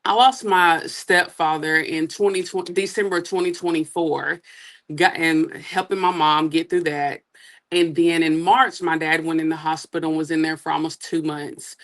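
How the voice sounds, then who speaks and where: Kentucky lady, southern accent, lowish voice, candid and earnest about her faith story. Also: fairly bright tone. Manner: earnest, candid, emphatic repetition. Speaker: interview guest. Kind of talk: casual testimony.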